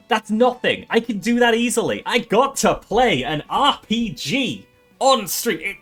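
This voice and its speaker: Brief: male streamer presenting game awards, animated swings in pitch, faint music underneath. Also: measured pace. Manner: excitable, swears, stumbles and restarts.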